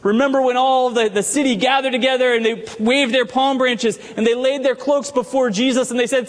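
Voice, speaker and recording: A man's voice: high-pitched, fairly even intonation, moderate pace, long reverb tail. A man preaching a sermon as pastor, talking conversationally and putting questions to the congregation.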